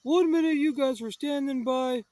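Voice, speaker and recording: A man voicing a panicky, easily scared lanky young man with a high yelping voice. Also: moderate pace, darkish tone, no room sound. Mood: protesting.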